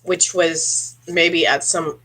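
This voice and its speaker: A woman psychic medium giving a live-stream reading, speaking haltingly and clearing her throat often as she asks a viewer questions. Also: fairly low pitch, pushed and bright. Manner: halting, searching delivery with frequent throat clearing; addresses a viewer directly with questions.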